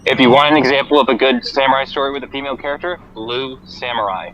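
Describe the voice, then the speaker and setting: A man on a voice call, matter-of-factly offering quick suggestions in a casual debate. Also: medium pitch, fairly bright tone, dull audio, a little hiss or hum.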